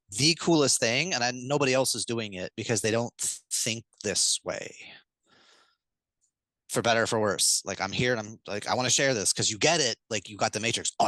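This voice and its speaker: A man speaking as a podcast guest, talking fast and animated, and now and then acting out the words a parent would say to a child. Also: medium pitch, dry recording, low-quality recording. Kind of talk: enthusiastic podcast interview.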